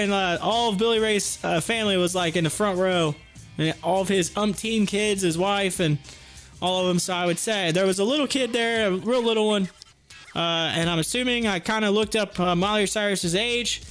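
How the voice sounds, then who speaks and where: High-voiced man telling a rambling story. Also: fairly quick, a bit bright, faint music behind. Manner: rambling, repeats words and restarts, chuckles often. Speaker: stock trading livestream host. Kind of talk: casual storytelling on a livestream.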